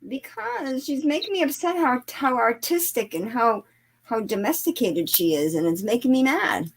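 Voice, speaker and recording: Middle-aged woman, Boston accent, high, swooping voice, expressive group chatter. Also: low-quality recording. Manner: expressive, exasperated, quick to laugh. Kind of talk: casual group chat.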